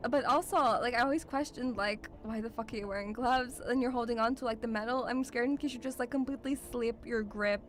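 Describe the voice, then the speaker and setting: Female streamer, high-pitched, foul-mouthed and easily spooked, calls chat "sweetie", light music bed. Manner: swears a lot, shrieks and laughs in fright. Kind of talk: casual reaction commentary.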